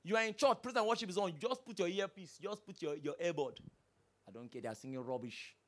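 A pastor preaching a sermon, firing rhetorical questions and swinging from hushed asides to loud bursts. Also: mid-range voice, quick pace.

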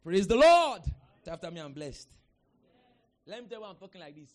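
A middle-aged man with a Nigerian accent, preaching a sermon with sudden shouted bursts and call-and-response with the congregation. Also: fairly high pitch, quick pace. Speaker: pastor.

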